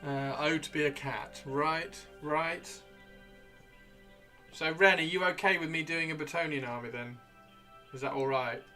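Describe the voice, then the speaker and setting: A man's voice: fairly high pitch, a little fast, sharp tone, faint music behind. A man hosting a livestream, chatting casually and rambling to himself as he browses, with the odd swear. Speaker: livestream host. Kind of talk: casual chat while gaming.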